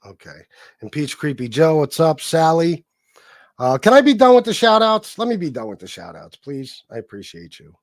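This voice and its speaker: A man hosting a live stream, reading the chat aloud and giving shout-outs, swearing heavily in a combative, angry way. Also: on the high side, wildly swooping pitch, moderate pace, dry recording, studio quality. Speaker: livestream host reading chat.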